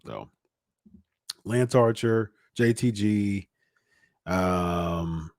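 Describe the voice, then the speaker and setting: A man's voice: fairly low pitch, a little mellow, no echo, studio quality. A man hosting a live podcast, chatting casually and chuckling, often repeating himself. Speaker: podcast host. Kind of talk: casual live-stream chat.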